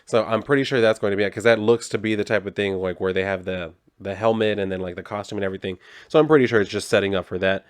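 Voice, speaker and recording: A man's voice: fairly low pitch, steady tone, fast talker, few pauses. A man casually reviewing comic books, swearing often as he talks.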